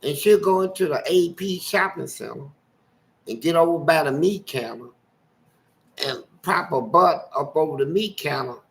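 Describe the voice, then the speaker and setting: An older man, telling colorful stories from his past in a casual, animated way. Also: high voice, creaky, low-quality recording. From Louisville, Kentucky. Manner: animated, colorful, acting out voices. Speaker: storyteller guest. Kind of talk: casual storytelling.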